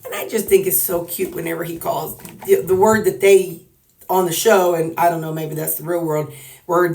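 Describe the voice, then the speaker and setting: Southern woman vlogger, lowish voice, chatty and joking, roomy distant phone sound. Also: gravelly, a little mellow. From Missouri. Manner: folksy, joking, rambling. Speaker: weight-loss vlogger. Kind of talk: casual chat to camera.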